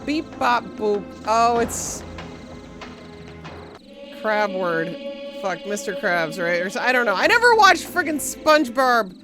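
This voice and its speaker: A woman streamer talks her way through a puzzle game, her pitch swinging up and down as she chats. She swears freely and stops to thank viewers. Game music plays clearly behind her. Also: expressive, unhurried, pauses often. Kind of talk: casual live-stream game commentary.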